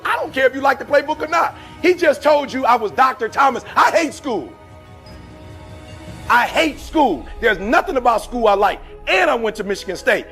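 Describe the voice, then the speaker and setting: Faint music plays beneath a middle-aged Detroit man giving a fiery, preachy motivational speech packed with slangy stories. His voice is high and a bit bright.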